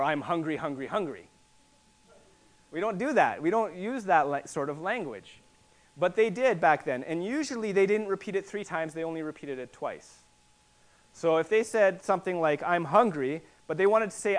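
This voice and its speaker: Man preaching, fairly high voice. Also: expressive, moderate pace. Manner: teaching, repeats words for emphasis, rising to forceful passages. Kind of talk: sermon.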